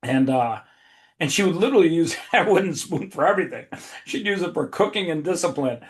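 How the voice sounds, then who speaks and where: A man's voice: fairly high pitch, expressive, fairly quick. A man hosting a casual podcast, telling long rambling stories with frequent restarts and laughs. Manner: rambling, self-interrupting, laughs mid-story. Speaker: podcast host. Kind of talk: casual conversational storytelling.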